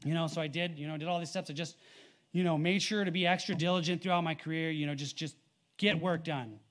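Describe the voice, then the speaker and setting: A man's voice: a little high, quick pace. A man preaching a sermon, reading scripture with emphasis and telling stories in a casual, conversational way. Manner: animated, rising loud on scripture readings; conversational with fillers and storytelling.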